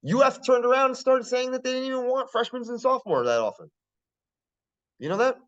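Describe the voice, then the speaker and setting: A man's voice: very high voice, lively intonation, brisk, lo-fi sound. A man giving a casual classroom lecture, blunt and profane, who keeps checking whether the class understands.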